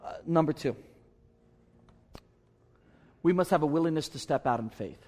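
A male pastor delivers a sermon story from his own life, his voice pitched a little high with a bright edge and lively intonation. He speaks earnestly and conversationally at a normal pace, leaving long pauses and driving his points home with emphatic asides to the congregation.

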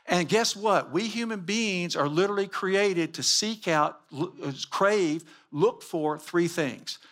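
A man's voice: high-pitched, takes it slowly, a bit bright. Preacher man with rhetorical questions. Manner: emphatic, piles up rhetorical questions. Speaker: Christian teacher. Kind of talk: sermon-style teaching with slides.

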